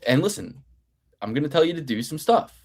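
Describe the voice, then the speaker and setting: A man's voice: on the high side, big pitch swings, a little fast, a little mellow. A man in his thirties hosting a betting picks show, talking in a rambling, profane, playfully grandiose way. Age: 30s. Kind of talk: casual podcast banter.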